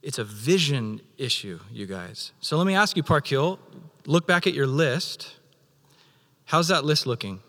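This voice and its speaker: Animated preacher in a reverberant hall. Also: male voice, medium pitch, measured pace. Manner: animated, acts out God's voice in quotes. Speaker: pastor. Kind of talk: sermon.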